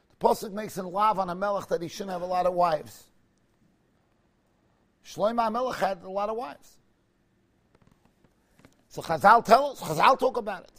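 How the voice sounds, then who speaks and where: A man delivers a Talmud lecture in an unusually high voice. He argues with impassioned rhetorical questions and sudden bursts of emphasis, mixing Hebrew and Aramaic terms into his English. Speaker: rabbi teaching Talmud.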